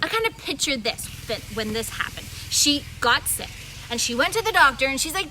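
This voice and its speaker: A woman guest storyteller narrating a Bible story for children. She is animated and chatty, often wondering aloud as she goes. Her voice is very high and bright. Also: fast, a little hiss or hum, rough recording.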